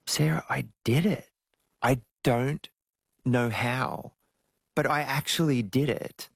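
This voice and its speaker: A man, telling stories as an interview guest, jumping into high squeaky tones when he jokes. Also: slow, vocal fry, husky, no echo. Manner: animated storytelling, jumps to high squeals when joking. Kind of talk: casual interview chat.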